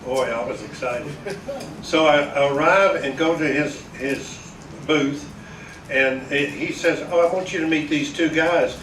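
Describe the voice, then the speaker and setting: A man's voice: fairly high pitch, unhurried, fairly bright tone, slight background noise. An older man, a veteran broadcaster telling rambling, chuckling stories to an audience at an event. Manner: chuckling, folksy, meandering with restarts. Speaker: veteran broadcaster giving a speech. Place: large echoey event hall. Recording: echoey hall from far off.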